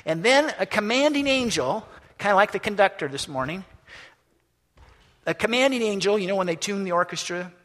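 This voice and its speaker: A man preaching a storytelling sermon to a congregation, animated and acting out the scenes he describes. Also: high voice, brisk. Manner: animated, acts out scenes in voices. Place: church or hall. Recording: echoey hall.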